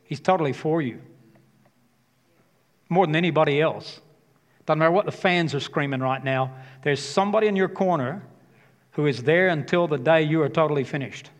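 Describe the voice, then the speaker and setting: A man's voice: on the high side, normal speed, pauses often. A man preaching a sermon as pastor, talking passionately and emphatically and repeating his key phrases. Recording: long hall reverb.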